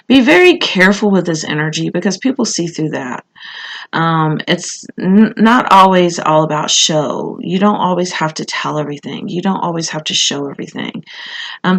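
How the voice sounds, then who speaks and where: A woman's voice: fairly low pitch, moderate pace. A woman giving a casual, conversational tarot reading, talking with frequent fillers and asides. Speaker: tarot reader.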